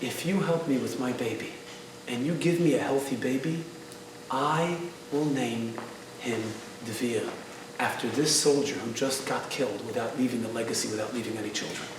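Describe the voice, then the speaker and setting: A man speaking as a young mother who pleads softly in prayer. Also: medium pitch, moderate pace, background noise, lightly acted. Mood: pleading. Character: young mother, praying and distraught. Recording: echoey hall, distant mic.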